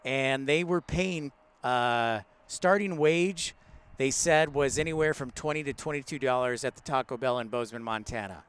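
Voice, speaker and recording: Outdoors at a big airport, a man running a casual live stream as a plane spotter chats with his audience, calling out viewers by name and laughing a lot. He speaks at normal speed in a mid-range voice that is a bit bright and smooth.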